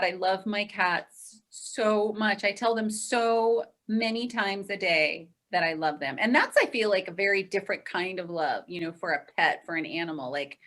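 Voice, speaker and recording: A woman's voice: mid-range voice, fairly bright tone. A woman chatting casually on a panel show, cheerful and laughing between phrases. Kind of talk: casual group chat.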